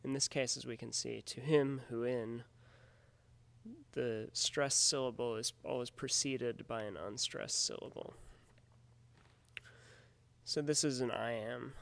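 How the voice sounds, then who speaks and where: A man teaching a class, explaining things in a measured, scripted way. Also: mid-range voice, creaky, fairly bright tone. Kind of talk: scripted lesson narration.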